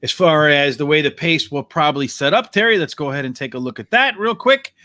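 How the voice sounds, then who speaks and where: A man hosting a horse racing preview, walking through post positions, pace and jockeys in a brisk, analytical way. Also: on the high side, expressive, sharp tone, no echo. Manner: brisk, analytical, addresses co-host by name. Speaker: racing handicapper host.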